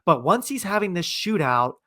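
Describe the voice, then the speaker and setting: A man's voice: sits high, sing-song, normal speed, a bit bright. A man hosting a podcast in casual chat, rambling and thinking aloud with lots of fillers. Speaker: podcast host.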